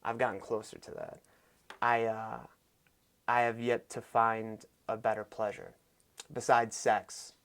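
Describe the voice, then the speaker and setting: Excitable male coach telling stories. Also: lowish voice, a little slow, creaky. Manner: animated, voice rises sharply when excited. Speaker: podcast guest, fitness coach. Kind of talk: casual storytelling.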